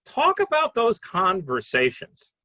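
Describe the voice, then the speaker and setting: A man's voice: high voice, wildly swooping pitch, measured pace, bright, forceful tone, no echo. A man hosting an interview, asking reflective, conversational questions. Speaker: podcast host.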